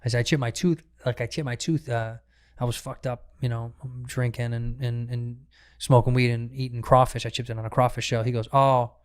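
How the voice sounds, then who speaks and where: A man's voice: mid-range voice, a little fast, smooth. Swearing man spinning a story. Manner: profane, animated anecdote telling with lots of restarts. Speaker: podcast guest, comedian. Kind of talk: casual storytelling chat.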